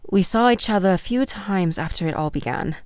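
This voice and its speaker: A woman voicing a wistful young woman who serves a temple, tentative and soft-spoken, in an audiobook reading. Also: medium pitch, expressive, fairly quick, no room sound, clean studio sound, close to an everyday voice. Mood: sad.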